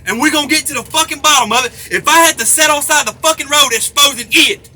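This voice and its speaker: Fast and sharp-toned, with an extremely high pitch, a middle-aged male vlogger rants angrily into the camera. He curses, repeats himself and stays heated throughout, and the recording carries faint background noise.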